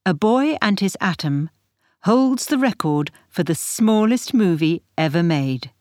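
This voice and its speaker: A woman reading textbook example sentences for a pronunciation lesson, with slow, careful enunciation. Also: lowish voice, animated, darkish tone, dry recording, clean studio sound. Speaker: textbook audio reader.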